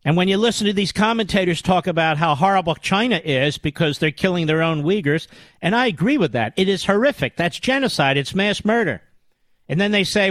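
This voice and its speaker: A man's voice: high voice, animated, fairly quick, a bit bright, no echo. A man hosting a political talk radio show, delivering a combative, indignant monologue with emphatic repetition.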